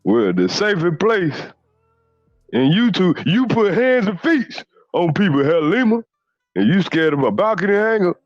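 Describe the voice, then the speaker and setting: A man's voice: high voice, big pitch swings, measured pace, dry recording, muffled recording, faint music behind, exaggerated voice. A man impersonating a boastful, arrogant former basketball star in a comedic rant, swearing and stumbling over repeated restarts. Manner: profane bragging, stammered restarts.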